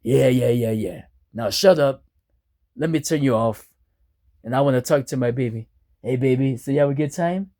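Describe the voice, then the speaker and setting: A man's voice: mid-range voice, moderate pace, warm tone, lightly acted. A man doing a brash, mouthy husband. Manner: blustering and rude.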